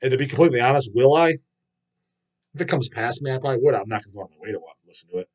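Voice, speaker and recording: A man's voice: mid-range voice, animated, racing, darkish tone. A man, host of a casual stream, reading viewer comments aloud and answering them in a blunt, swear-heavy rant. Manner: profane, ranting, blunt. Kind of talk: casual live-stream chat.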